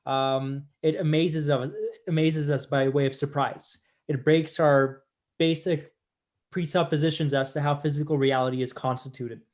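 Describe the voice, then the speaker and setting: A man's voice: fairly high pitch, a little mellow. A man hosting a podcast interview, thoughtfully summarizing his guest's ideas at length. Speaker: podcast host. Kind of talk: conversational interview.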